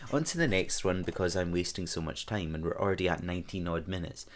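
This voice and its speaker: A man's voice: deep voice, fast. A Scottish man in his twenties chatting casually about his own songs, rambling and joking at his own expense. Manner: rambling and self-mocking, with offhand jokes. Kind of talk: casual chat.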